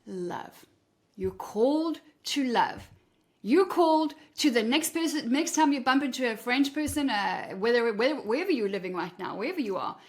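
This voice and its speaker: A woman's voice: on the high side, animated, normal speed. A middle-aged woman hosting a faith-based motivational talk, blunt and emphatic in a preachy way. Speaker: podcast host.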